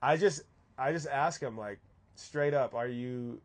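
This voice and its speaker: A man's voice: medium pitch, measured pace. A man hosting a live golf talk stream, chatting casually and answering viewers' questions. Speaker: golf coach host.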